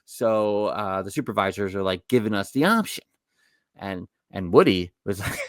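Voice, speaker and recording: Fairly low-pitched and animated at a normal speed, this forties-aged New Yorker chats casually as a theme park podcast co-host. He rambles through his tales, fixing himself mid-sentence, and the recording is dry.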